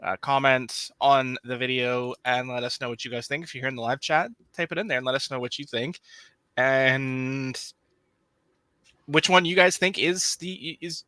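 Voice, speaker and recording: A man's voice: mid-range voice, sharp tone, no room sound. A man hosting a podcast, chatting casually and reading channel promos with upbeat asides. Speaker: podcast host.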